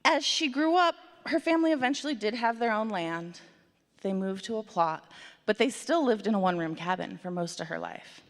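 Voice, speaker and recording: A woman telling a story to children and the congregation at a worship service, in an animated, conversational way with playful asides. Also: mid-range voice, normal speed. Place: church sanctuary. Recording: long hall reverb.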